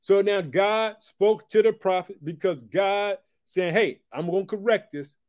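Male preacher, high voice, slow emphatic scripture reading broken by quiet asides and catchphrases. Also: no echo, studio quality. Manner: punctuates reading with repeated catchphrases and call-outs; prays aloud for listeners. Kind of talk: sermon teaching from scripture.

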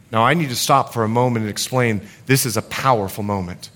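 A male pastor preaching a sermon, swinging from loud urgency to hushed confession. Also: mid-range voice, fairly quick, few pauses.

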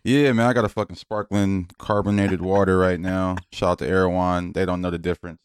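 A man co-hosting a podcast in casual chat, talking in quick slang and swearing freely. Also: low-pitched, little pitch movement, clear, resonant tone, no room sound, clean studio sound. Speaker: podcast co-host.

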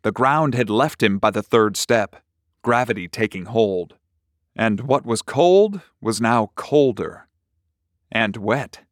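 A man narrating a short story in a slow, measured, deliberate reading. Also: on the low side, expressive, no echo, studio quality.

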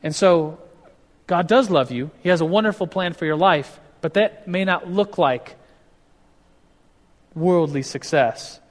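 A man's voice: a little high, measured pace, long pauses. A male pastor teaching a casual, conversational sermon, often restarting sentences and acting out what people say. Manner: conversational, with many restarts and acted-out quotes. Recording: long hall reverb.

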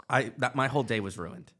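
A man co-hosting a podcast, telling a story in casual chat with lots of fillers. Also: mid-range voice. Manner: animated storytelling with many fillers. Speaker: podcast co-host.

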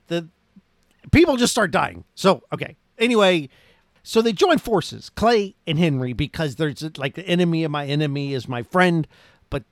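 Casting: male podcast host, slightly higher voice, loose excited movie recap, dry booth sound. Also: clear, resonant tone, no room sound. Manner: rambling, enthusiastic, lots of "like" and restarts.

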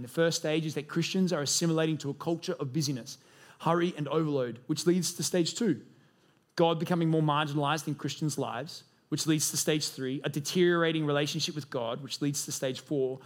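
This is a sermon from a young pastor whose voice is fairly high and full of animation. To dramatize his stories, he repeatedly drops into quick character voices for quoted lines.

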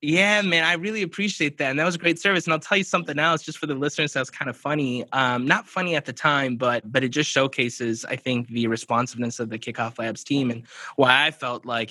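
A man's voice: mid-range voice, a little fast, no echo. A man chatting as a podcast guest, telling stories with energy and acting out what people said. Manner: animated storyteller who acts out dialogue. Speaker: podcast guest, children's book publisher. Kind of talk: casual podcast conversation.

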